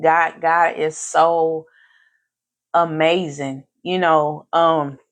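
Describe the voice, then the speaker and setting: Speaking extremely slowly in a deep, flat voice, a podcast host chats casually on a live stream. She comes across as effusive, grateful, and faith-filled, and she repeats phrases to drive points home.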